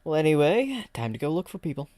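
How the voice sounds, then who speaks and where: A man's voice: fairly high pitch, big pitch swings, quick pace, darkish tone, dry recording, voice pushed up. A man voicing a breezy young woman named Izumi.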